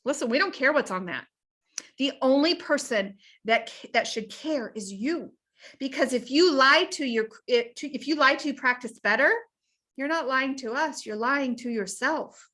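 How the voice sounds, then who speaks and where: Woman coach, high bright voice, energetic folksy pep talk. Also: moderate pace. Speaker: health coach. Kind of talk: motivational talk.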